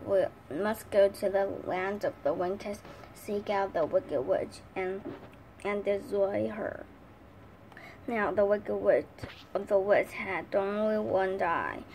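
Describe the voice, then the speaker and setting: Slow careful woman reading a story. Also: medium pitch, slight background noise, low-quality recording. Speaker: reader.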